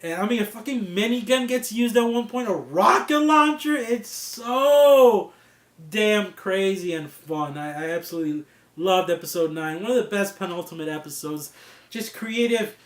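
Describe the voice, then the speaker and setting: A man giving a casual, excitable review of a TV series, laughing often and swearing freely. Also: high-pitched, moderate pace, reverberant. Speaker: TV show reviewer.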